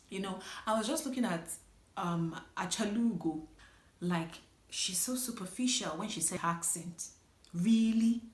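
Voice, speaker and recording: A woman from Nigeria giving a casual, candid spoken movie review, chatting directly to viewers and laughing often. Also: lowish voice. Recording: echoey room.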